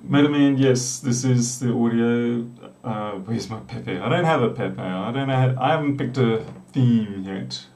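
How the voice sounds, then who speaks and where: A man's voice: medium pitch, unhurried, few pauses, darkish tone. A middle-aged man with an Australian accent, chatting casually while live coding, rambling with joking asides. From South Australia. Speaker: programmer live-streaming. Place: small room with a door. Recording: distant mic in echoey room.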